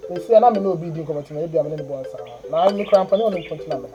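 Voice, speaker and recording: A man's voice: a little high, fast talker, muffled recording, music in the background, close to an everyday voice. A man playing a chatty villager. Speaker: villager in a film. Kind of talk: Ghanaian film acting.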